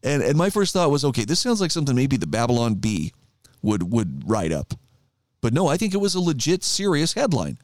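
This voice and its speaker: Middle-aged man, talk radio host, animated voice, dry close studio sound, conversational monologue. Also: mid-range voice, brisk, no room sound. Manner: conversational, reflective, reads quotes with emphasis. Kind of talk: talk radio monologue reading articles aloud.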